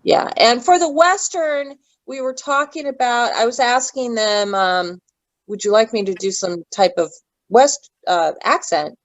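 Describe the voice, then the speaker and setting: This actress guest has a voice on the high side and takes her time as she chats through a casual interview, digressing and losing track of what she was saying. There's no echo, but the audio is poor.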